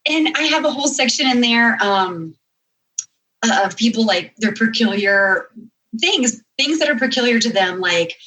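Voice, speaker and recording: A woman guest on a podcast telling funny stories, animated and full of "like" and "you know.". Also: fairly high pitch, normal speed, recorded from a distance, low-quality recording. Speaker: guest, comedy author. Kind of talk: podcast interview, storytelling.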